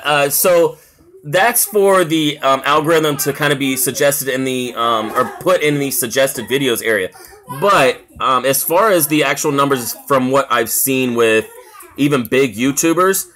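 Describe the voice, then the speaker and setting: A man's voice: mid-range voice, pushed and bright. A man from South Carolina, chatting casually on a live stream at home, rambling with lots of filler words and reading out chat comments. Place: home, with family noise around.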